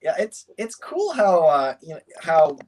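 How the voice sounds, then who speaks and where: A man chatting casually on a stream, his pitch leaping up and down as he gets excited. He laughs often and slips into playful voices. The talk is loose and enthusiastic. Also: a little slow, poor audio. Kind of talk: casual chat.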